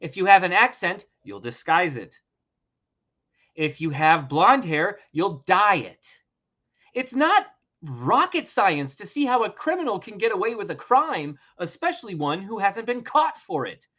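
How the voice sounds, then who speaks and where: A man's voice: sits high, big pitch swings, a little slow, bright, forceful tone, lo-fi sound. A man hosting a podcast, ranting emphatically and swearing freely. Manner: heated, emphatic, swears freely, laughs in disbelief. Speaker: podcast host. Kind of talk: opinionated podcast rant.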